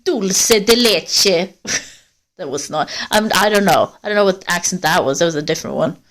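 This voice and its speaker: A woman's voice: on the low side, fast talker, a bit bright. Chatty woman rambling on a forest walk. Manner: rambling, chatty, swearing casually. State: cold. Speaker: livestreamer. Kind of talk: casual chat to viewers. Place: outdoors in a forest.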